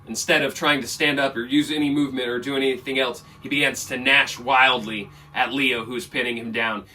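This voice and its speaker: A man runs a tabletop game as game master, narrating the action in a casual, loose way with fillers. His voice is bright and forceful. He sits a bit back from the mic, with faint music playing behind him. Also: mid-range voice, far from the mic.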